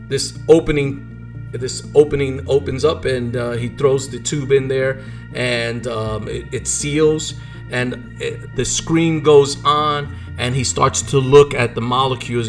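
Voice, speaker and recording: A man runs a tabletop game in a mid-pitched, everyday voice. He rambles through his scene-setting with plenty of ums and uhs, faint music in the background. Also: a bit bright. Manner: loose, rambling, many fillers. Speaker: game master.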